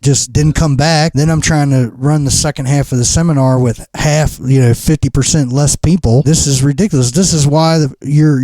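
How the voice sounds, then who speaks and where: A man's voice: mid-range voice, dark tone, no echo. A middle-aged man, a pro wrestler and trainer, ranting bluntly and profanely in a podcast interview.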